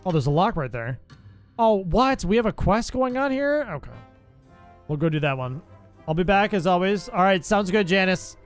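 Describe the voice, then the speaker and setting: A young man with a slightly raised pitch talks casually over his gameplay, teasing and bantering with his viewers. His tone stays loose and conversational, with light music faintly underneath. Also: sing-song, normal speed. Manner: playful, bantering with chat. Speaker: gaming streamer. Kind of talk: casual live-stream chat over gameplay.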